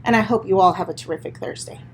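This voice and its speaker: A woman's voice: medium pitch, fast talker, a little hiss or hum. A woman, a school principal reading the morning announcements to students in an upbeat, encouraging way. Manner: upbeat, encouraging, addresses children directly.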